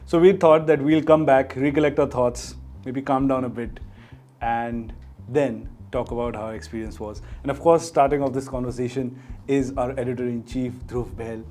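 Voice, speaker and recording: A man's voice: mid-range voice, steady tone, moderate pace, darkish tone, slight background noise. Upbeat chatty male presenter. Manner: upbeat, chatty, asks questions. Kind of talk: casual discussion.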